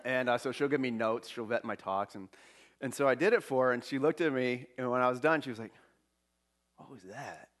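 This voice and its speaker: A man's voice: mid-range voice, quick pace, fairly bright tone. A man giving a spiritual talk at a church service, conversational and self-deprecating with humor.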